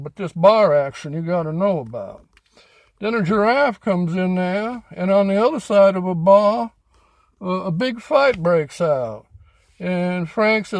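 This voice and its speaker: Slow-talking high-voiced folksy man. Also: gravelly, no room sound. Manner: chatty, folksy, self-mocking about his jokes. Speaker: vlog host. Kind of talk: rambling storytelling with corny jokes. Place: outdoors on a city street.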